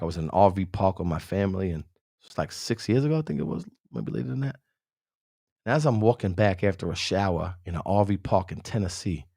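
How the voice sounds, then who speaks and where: A man's voice: deep voice, a little mellow, dry recording, studio quality. A man hosting a podcast, earnestly telling a motivational personal story in casual, slangy speech and addressing the listener by name. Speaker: podcast host.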